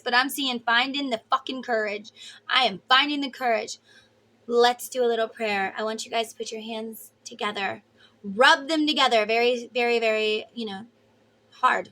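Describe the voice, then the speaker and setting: A woman's voice: a little high, sharp tone. A woman giving a casual tarot reading to her viewers, emotive and chatty, with the odd swear word. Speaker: tarot reader.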